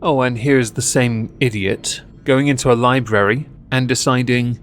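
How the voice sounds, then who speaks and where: A man's voice: mid-range voice, steady tone, normal speed, hardly any pauses, slight background noise. A man hosting a commentary video, reading a script in a sarcastic, mocking tone. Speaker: commentary channel host.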